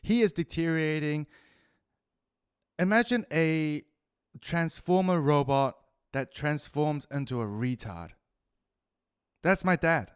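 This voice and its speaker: A man with a New Zealand accent ranting profanely through a rambling solo monologue, swinging between loud outbursts and muttered asides. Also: a little high, slow, long pauses, clean tone, no room sound, clean studio sound. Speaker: podcast host.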